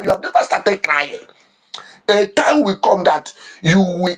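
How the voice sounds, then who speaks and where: A man's voice: high voice, breathy edge. A man giving impassioned, fervent commentary, repeating himself and restarting his sentences. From Nigeria. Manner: fervent, repetitive, stumbling restarts. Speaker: online commentator.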